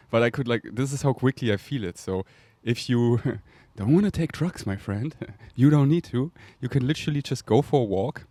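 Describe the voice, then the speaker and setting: A man's voice: mid-range voice, normal speed, few pauses, warm tone, no room sound. A man with a German accent hosting a podcast, rambling dreamily and laughing often. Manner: dreamy, rambling, laughs often, makes breathy whooshing sounds. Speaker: podcast host. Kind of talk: casual spiritual monologue.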